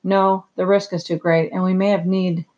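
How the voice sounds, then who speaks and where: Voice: mid-range voice, level tone, normal speed, a little mellow, lo-fi sound, natural voice. A reader doing a proud, commanding young princess. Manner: formal, imperious.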